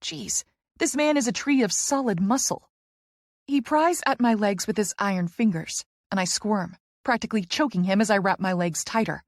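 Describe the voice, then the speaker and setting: A woman reads a first-person romance audiobook in a medium-pitched voice, moving between hushed narration and heated dialogue. The recording is close and dry, with no room sound. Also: normal speed, no room sound. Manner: expressive, shifting from soft narration to heated dialogue.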